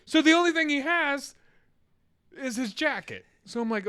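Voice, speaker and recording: A man's voice: very high-pitched, normal speed, clean tone. A young man, a podcast co-host, telling a funny story in casual chat, laughing and acting out voices. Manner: animated, laughing storyteller acting out a kid's screams.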